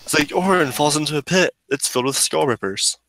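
A man's voice: fairly high pitch, brisk, a crowd in the background, rough recording. A man acting as game master, casually narrating monster attacks and joking with the players. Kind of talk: running a tabletop game over voice chat.

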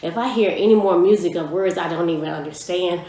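A young woman reacting to a music video, casual and emphatic, full of slang and excited outbursts. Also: fairly low pitch, brisk. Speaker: reaction vlogger. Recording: echoey room.

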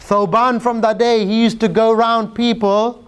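A man with a high-pitched voice delivers a sermon. He tells stories in a lively, informal way, softening his voice for quoted lines, and speaks straight to his listeners. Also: moderate pace, clean tone. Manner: lively storyteller who acts out quotes in a softer voice; direct and informal, addressing the audience. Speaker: preacher.

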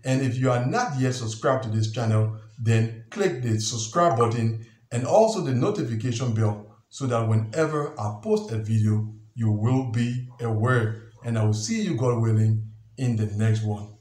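A man at a middle pitch explains things step by step, measured and methodical. He circles back to restate his key points. His voice sits in a noticeably echoey room. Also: expressive, a little mellow. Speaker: channel host. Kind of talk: scripted explainer talk.

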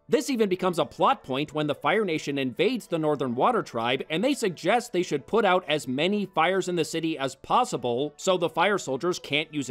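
Sarcastic male reviewer, fairly high voice that leaps around, scripted comedy commentary. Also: fairly bright tone. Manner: sarcastic, exasperated. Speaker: film reviewer.

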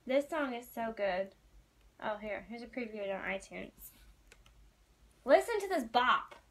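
A young woman vlogging in a casual, rambling way, chatting excitedly to her viewers as a fan. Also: fairly high pitch, a little slow. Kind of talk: casual chat to camera.

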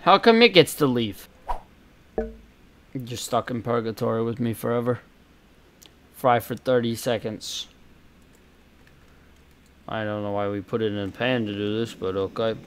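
Playing a cooking game, a young commentator drags out his words in slow bursts, swears a lot, and mutters half-done asides before abrupt loud outbursts. His pitch is ordinary and mid-range, and a slight hiss of noise sits beneath the casual, messy commentary.

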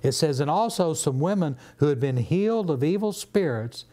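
A man with a Southern US accent, a pastor leading a Bible study in a church, animated and acting out the scripture he quotes. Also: normal speed. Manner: animated, acts out scripture quotes with rising pitch.

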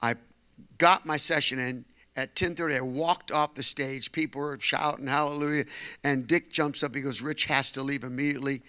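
An older male pastor preaching a sermon, telling a story that builds to shouted preaching. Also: mid-range voice, fairly even intonation, normal speed. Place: church.

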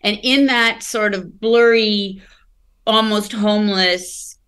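A woman's voice: mid-range voice, fairly even intonation, takes it slowly, fairly bright tone, clean tone. A woman, a podcast guest, telling her personal story candidly and reflectively, often searching for words and restarting.

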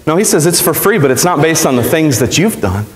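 A man's voice: on the high side, big pitch swings, brisk, reverberant, big-room sound. A young man preaching a live sermon in church, chatty and joking, putting questions to the congregation. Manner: conversational, asks the congregation questions, jokes. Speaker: pastor. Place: church sanctuary.

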